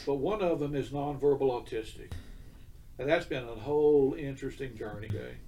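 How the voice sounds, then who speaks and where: A man's voice: mid-range voice, big pitch swings, brisk, dark tone, distant mic, a little hiss or hum. Earnest older man, set back from mic. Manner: earnest, emotional, repeats himself, asks listener "okay?". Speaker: guest. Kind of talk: interview storytelling.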